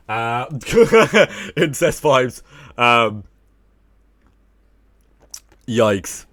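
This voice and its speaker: A man's voice: on the low side, expressive, slow, pauses often, fairly bright tone, no echo, studio quality. A young man with an English accent chatting casually with viewers on his livestream, rambling, joking and swearing often. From England. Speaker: livestream host.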